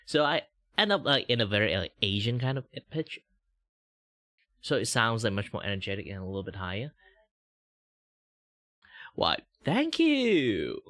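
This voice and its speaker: A man's voice: brisk, pushed and bright, dry recording, studio quality. A young man from Malaysia with a light British lilt on his Malaysian English chats casually on a livestream. He rambles and stretches out his words. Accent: Malaysian English with a slight British lilt. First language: Mandarin. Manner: rambling, jumps between high and low pitch. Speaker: VTuber streamer.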